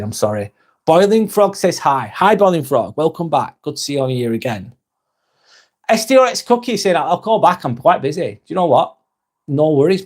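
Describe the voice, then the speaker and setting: A man's voice: on the high side, a little mellow. A man hosting a casual live vlog, reading viewer comments aloud and chatting back to them.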